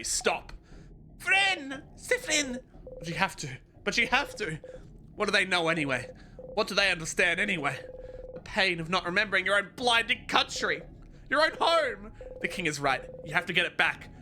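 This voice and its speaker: A streamer playing a story game live, reading its narration aloud with dramatic flair and breaking into loud, excited outbursts. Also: mid-range voice, a little hiss or hum. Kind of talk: live let's-play commentary, reading game text aloud. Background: game music.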